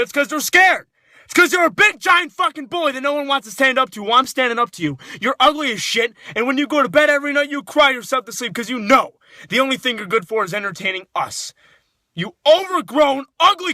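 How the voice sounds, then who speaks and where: A man with a very high, piercing voice tears into his targets in a furious, profanity-laced rant. He shouts through much of it, sounding sharp and tense, recorded very dry and close. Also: dry recording. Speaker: sports fan. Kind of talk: angry rant to camera.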